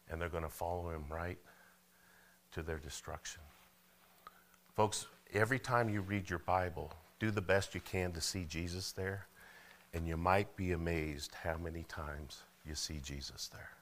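A man's voice: deep voice, fairly even intonation, moderate pace. A man preaching a sermon in a church, folksy and full of rhetorical questions and calls for amen. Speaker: pastor. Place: church sanctuary.

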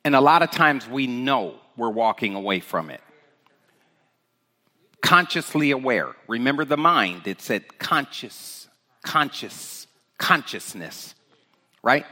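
A man preaching an informal sermon, emphatic and conversational, often checking in with the listeners with a quick "right?". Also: medium pitch, big-room sound. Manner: animated, emphatic, rhetorical "right?" asides.

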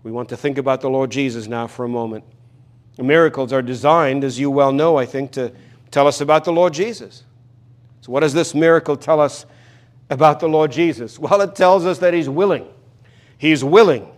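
A man's voice: medium pitch, moderate pace. A man preaching an expository sermon, earnest and emphatic, repeating key phrases for stress.

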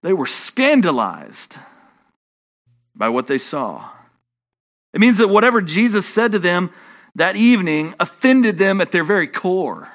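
Texan man, pastor, high pitched, emphatic preaching, restarts mid-phrase. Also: sing-song, a little slow, long pauses, fairly bright tone. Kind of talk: sermon.

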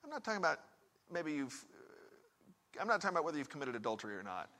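A man preaching a sermon as a pastor and counselor, telling a story conversationally and putting direct questions to his listeners, swinging between hushed and emphatic. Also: on the high side, very animated, quick pace.

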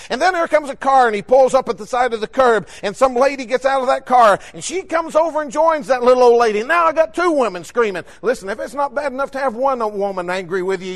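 A man preaching a sermon, telling a street-preaching story in a rising, emphatic storytelling cadence. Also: extremely high pitch.

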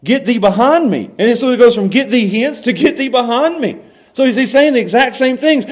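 Animated high-voiced male preacher. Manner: animated, swings from loud to hushed, laughs often. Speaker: pastor. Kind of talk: sermon.

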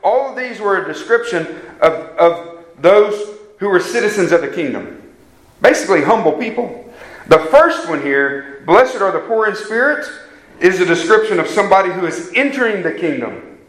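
Earnest pastor preaching in an echoey hall. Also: male voice, sits high, expressive, moderate pace, fairly bright tone. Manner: earnest, emphatic preaching with direct questions to the congregation. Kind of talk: sermon. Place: church hall. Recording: echoey church room.

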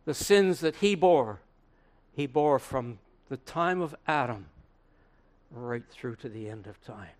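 In a room with listeners, a preacher takes on the role of an old apostle and earnestly recounts witnessing the crucifixion in the first person. The male voice is fairly high and slow, building emphasis between long, dramatic pauses.

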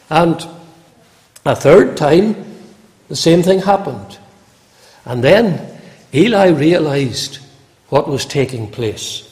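A man preaching a sermon slowly and deliberately, quoting scripture with rising emphasis. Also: on the high side, darkish tone. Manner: slow, measured preaching with emphatic quoted scripture. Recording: long hall reverb.

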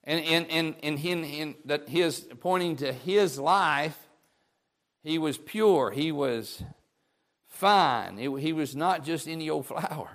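A man's voice: a little high, takes it slowly, fairly bright tone. Folksy preacher man, conversational delivery. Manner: folksy, conversational, repeats words when restarting. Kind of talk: informal sermon.

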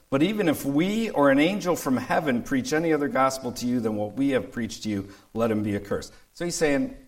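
A man's voice: medium pitch, poor audio. A male pastor preaching a sermon, emphatic, repeating his key points and reading scripture aloud.

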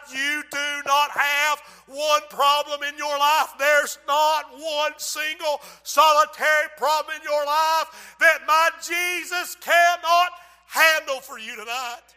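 Bright, high-voiced preacher. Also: male voice. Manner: swings from hushed storytelling to loud impassioned preaching. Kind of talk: sermon.

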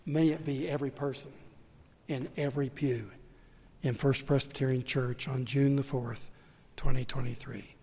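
A man's voice: mid-range voice, steady tone, normal speed, a little mellow. Man, older, Southern accent, pastor, sermon, storytelling, emphatic, long church reverb. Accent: Southern American. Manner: storytelling preacher, rising to emphatic peaks. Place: large church sanctuary.

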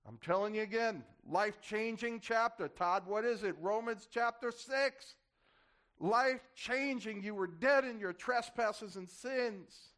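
A man's voice: high voice, unhurried, a bit bright. A man preaching a sermon to his church, impassioned, his voice swelling and dropping as he drives his points home. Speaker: pastor.

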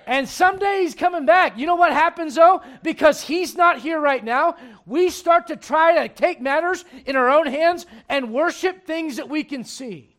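A middle-aged male pastor preaching a dynamic sermon, swinging from loud to hushed and acting out voices in little scenes. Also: very high voice, normal speed, few pauses.

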